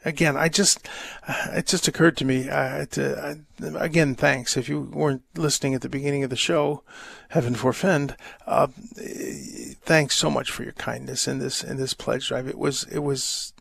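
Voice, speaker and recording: A man hosting a Catholic call-in radio show, reading letters and answering questions in a rambling, halting, wry way. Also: mid-range voice, fairly even intonation, vocal fry, fairly bright tone, breathy edge, dry recording. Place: radio studio. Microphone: studio microphone.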